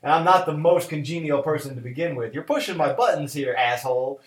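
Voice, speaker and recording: A man's voice: on the high side, lively intonation, fast, roomy sound. Profane storytelling man in his thirties. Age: 30s. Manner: profane storytelling, acts out both sides of the argument. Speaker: cook. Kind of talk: casual chat.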